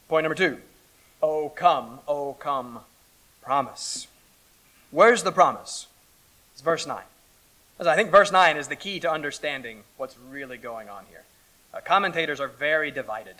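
A man preaching a sermon, reading scripture aloud and then explaining it conversationally, with big swings between loud emphasis and hushed asides. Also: a little high. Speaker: pastor.

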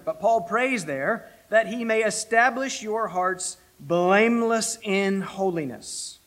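A male pastor preaching a sermon, emphatic and lively, with self-deprecating asides. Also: high voice, poor audio.

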